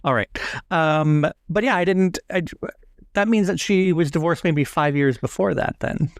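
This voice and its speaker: Chatty man with a smooth voice. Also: fairly high pitch, normal speed, no room sound, clean studio sound. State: coming down with a cold. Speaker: podcast co-host. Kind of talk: casual chat.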